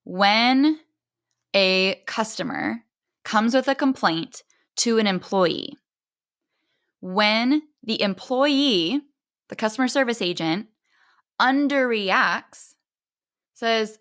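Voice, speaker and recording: A woman hosting a parenting podcast, explaining her point and acting out customer-service exchanges in animated quoted voices. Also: medium pitch, slow pace, pauses often, clear, resonant tone. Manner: explanatory, acts out quoted dialogue in lively voices. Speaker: podcast host. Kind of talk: parenting advice monologue.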